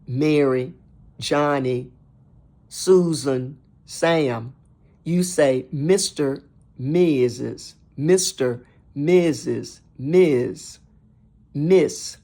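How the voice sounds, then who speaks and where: An older woman with a low-set voice hosts an inspirational talk show. She speaks emphatically, repeating words and running through lists in a steady rhythm.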